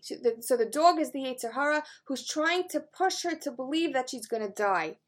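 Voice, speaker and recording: High-voiced woman teaching with earnest warmth. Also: lively intonation, normal speed, hardly any pauses. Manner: earnest, conversational, with casual fillers. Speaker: teacher and life coach. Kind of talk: Torah lesson on a psalm.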